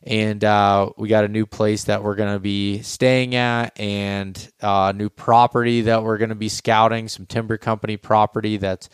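Smooth-voiced man hosting a podcast. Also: lowish voice, moderate pace, few pauses, no echo, studio quality. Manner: relaxed, rambling, with frequent fillers and restarts. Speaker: podcast host. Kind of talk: casual podcast chat.

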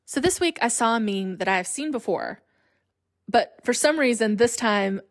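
A woman in her forties hosting a solo podcast, chatting in an animated way and laughing often. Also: a little high, normal speed, faint music behind. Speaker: podcast host.

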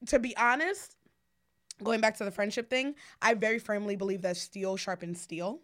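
A young woman with a New York accent chats as a podcast guest. She tells her stories candidly and swears freely, in an everyday mid-pitched voice. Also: normal speed, fairly bright tone. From the Bronx, New York. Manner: candid, profane, storytelling with many "like"s. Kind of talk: casual chat.

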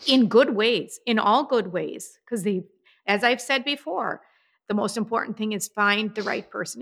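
A woman's voice: medium pitch, sharp tone. A woman in casual chat as podcast co-host, telling stories about her daughter's wedding in an emotional, chatty way, recorded in an apartment. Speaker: podcast co-host, mother of the bride.

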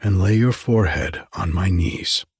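A man voicing an ancient, withered old crone who speaks slowly in archaic words, sly and commanding. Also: sits low, darkish tone, breathy edge, no room sound, clean studio sound, exaggerated voice. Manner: slow, archaic, ominous speech.

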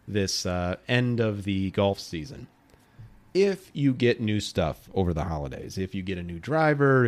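A man in his late thirties hosting a podcast, talking straight to his listeners in an emphatic, persuasive way. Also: lowish voice. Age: 30s. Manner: emphatic, animated, addresses listeners directly. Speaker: podcast host. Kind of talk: solo podcast talk.

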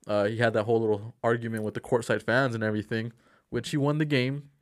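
A man's voice: mid-range voice, fast, dry recording, studio quality. A young man in casual chat, ranting with slang and swearing. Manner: profane, animated ranting with slang.

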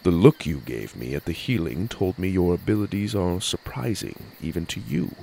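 A man voicing a huge, sleepy, gentle giant who speaks low, slow and hushed. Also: lively intonation, creaky, a little hiss or hum. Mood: hushed, knowing.

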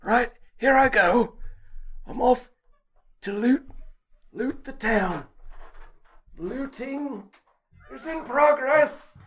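A man voicing a boastful, shouty male Viking commander as a comic bit. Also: expressive, extremely slow, long pauses, heavily acted. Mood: gleeful. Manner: high, shouty, cartoonish pirate-like bravado. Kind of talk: comic impression on a podcast.

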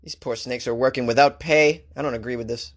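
A male talk show host reading out odd news stories and mocking them sarcastically, with big jumps in pitch. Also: steady tone, brisk. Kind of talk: comic news commentary.

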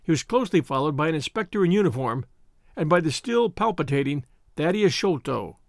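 A man reading a classic detective story aloud with a measured, expressive delivery. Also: a little high, gravelly, dry recording, clean studio sound. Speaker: audiobook narrator.

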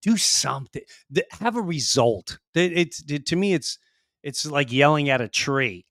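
A man's voice: on the high side, very animated, moderate pace, dry recording, studio quality. A man hosting a podcast, talking emphatically and with feeling, often repeating his point. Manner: warm-hearted, emphatic, repeats himself. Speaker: podcast host. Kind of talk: casual podcast interview.

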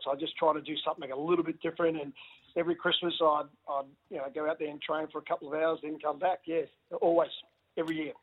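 A middle-aged former footballer talks on a phone line, his voice thin and tinny. He sits a little high and husky, and he keeps restarting his sentences with a warm, chatty eagerness. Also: fast. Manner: excitable, stammering restarts, says mate a lot. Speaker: former rugby league player, guest. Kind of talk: casual radio phone interview.

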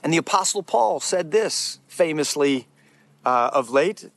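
A man's voice: a little high, lively intonation, measured pace, no room sound. A man giving an earnest, emphatic preaching talk as a Christian speaker, restarting his phrases often.

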